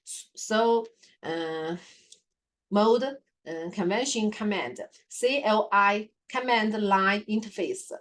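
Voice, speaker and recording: A woman whose first language is Chinese gives a halting lab report presentation, full of fillers and repeated words. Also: medium pitch, expressive, a bit bright. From China. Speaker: student presenter.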